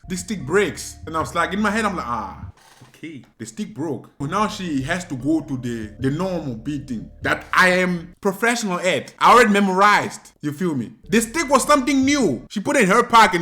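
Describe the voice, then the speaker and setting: A man telling a comedic story in a lively, slangy way, often checking in with his listener. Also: a little high. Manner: animated, slangy, keeps saying "you feel me". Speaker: storytime vlogger.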